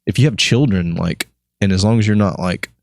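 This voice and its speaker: A man's voice: sits low, a little fast, vocal fry, a little mellow, no room sound, studio quality. A man hosting a casual podcast, rambling and joking, often slipping into mock voices for people he quotes. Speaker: podcast host.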